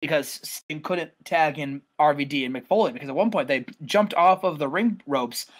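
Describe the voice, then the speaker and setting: A man recaps wrestling matches on a casual podcast. He tells it like a story, eager and lively. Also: on the high side, moderate pace. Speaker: co-host.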